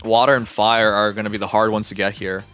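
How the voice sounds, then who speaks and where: A Canadian livestreamer chatting casually, animated and mock-indignant, swearing freely. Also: mid-range voice, fast talker, faint music behind. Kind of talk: casual live-stream chat.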